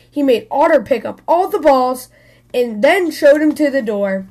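A woman hosting a children's story podcast, reading a picture book aloud in a lively, expressive way. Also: high voice, a little slow.

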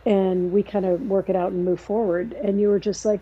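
Husky-voiced woman telling a family story. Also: mid-range voice, flat delivery, moderate pace. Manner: rambling, many fillers and restarts. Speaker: podcast guest, host's sister. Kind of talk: casual storytelling. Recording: muffled, lo-fi podcast recording.

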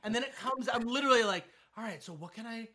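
A middle-aged man in casual chat, telling animated stories about his kids. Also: very high voice, quick pace, a crowd in the background. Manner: animated storyteller acting out his kid.

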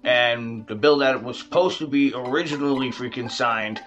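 Heated, profane male vlogger; mid-pitched, talks straight to the audience, faint music under him. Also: moderate pace, fairly bright tone. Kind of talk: casual political rant.

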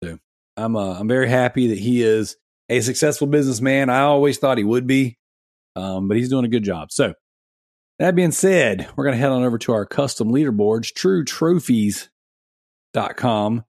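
A man's voice: medium pitch, expressive, moderate pace, a little mellow, no room sound, studio quality. A man in his thirties hosting a casual gaming podcast, chatty and rambling, laughing often. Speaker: podcast host.

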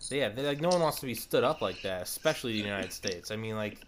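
A man's voice: lowish voice, lively intonation, quick pace, noisy background. A man hosting a podcast in casual chat. He rambles and swears with enthusiasm. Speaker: podcast host.

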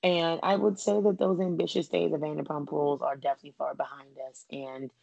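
A woman's voice: deep voice, level tone, fairly quick, gravelly, warm tone, no echo, lo-fi sound. A woman hosting a podcast in casual, chatty conversation, laughing often. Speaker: podcast host.

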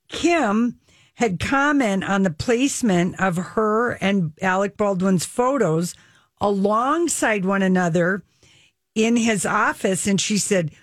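A woman's voice: mid-range voice, no echo. A woman co-hosting a casual celebrity gossip show. She talks in a chatty, easy way and laughs often. Her voice sounds dry and close, with no room around it. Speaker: podcast co-host.

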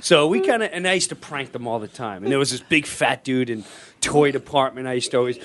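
A middle-aged man hosting a talk show, telling a comic story in an animated way, laughing and breaking into shouted voices. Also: medium pitch, quick pace. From New York area. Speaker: radio show host.

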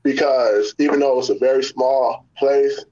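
A man interviewing in a relaxed, encouraging way, chatting casually. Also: medium pitch, unhurried. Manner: relaxed, encouraging short replies. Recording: dull lo-fi sound.

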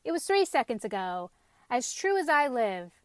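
A woman's voice: on the high side, very animated, normal speed, dry recording. A woman doing an eager little storybook potato. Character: excited little male talking potato.

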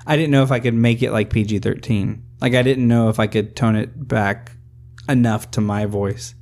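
A man taking part as a comedian in a casual round-table chat, talking in a dry, deadpan way. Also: mid-range voice, moderate pace. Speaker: comedian guest.

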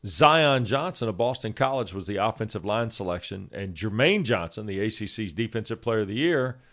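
Man, sports radio co-host, brisk, fact-heavy, dry humor. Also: fairly low pitch, animated, fairly bright tone. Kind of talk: sports radio talk, reading stats.

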